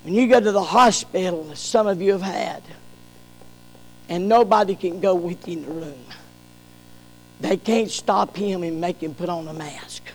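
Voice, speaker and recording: A man preaching a sermon as pastor, rising to shouted peaks and dropping to soft, low passages. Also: normal speed, long pauses, long reverb tail, rough recording.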